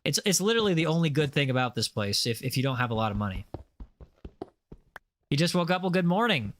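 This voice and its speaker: A man's voice: on the high side, big pitch swings, fast talker, fairly bright tone, a little hiss or hum. A man chatting casually on a gaming livestream, rambling with lots of fillers and playful boasts. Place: home setup, lives in Los Angeles.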